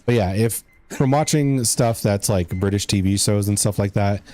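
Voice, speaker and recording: Soft background music plays as a young American streamer chats casually with his viewers mid-game, rambling on with gameplay commentary while he plays. He talks at a normal speed in a dark-toned voice on the low side.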